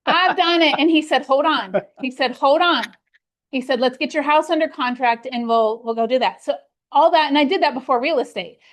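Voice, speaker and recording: A woman's voice: high-pitched, quick pace. A middle-aged woman leading a real estate team meeting, speaking earnestly and telling personal stories to motivate her agents. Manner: earnest, storytelling, acts out her own past worries.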